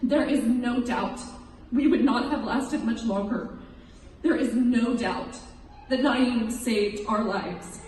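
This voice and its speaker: A woman's voice: fairly high pitch, slow pace, a little mellow, slight background noise. A woman in her thirties recounting her rescue to an audience, in an earnest, emotional storytelling manner. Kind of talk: personal testimony speech. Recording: echoey hall, distant mic.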